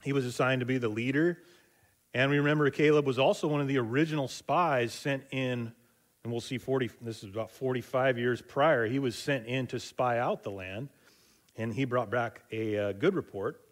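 A male Bible teacher who explains scripture in a relaxed, chatty way. He retells the stories in his own words, with loose asides and the occasional filler. His voice sits at an ordinary, mid-range pitch. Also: normal speed. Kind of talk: casual Bible study teaching.

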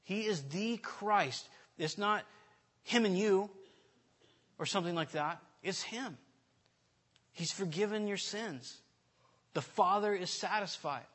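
A man's voice: high-pitched, measured pace, pauses often, a bit bright. A man giving an informal sermon in a candid, self-deprecating, conversational way, often restarting his sentences. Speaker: preacher.

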